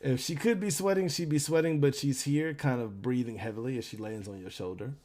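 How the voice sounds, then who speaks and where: A man running a tabletop game as game master, narrating scenes in a relaxed, descriptive way. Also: medium pitch, brisk.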